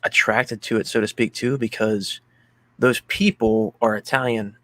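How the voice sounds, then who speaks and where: A man's voice: fairly low pitch, steady tone, unhurried, a bit bright, no echo. A man from Pennsylvania co-hosting a casual movie chat, rambling through a heartfelt story with many fillers. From Pennsylvania, USA. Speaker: podcast co-host.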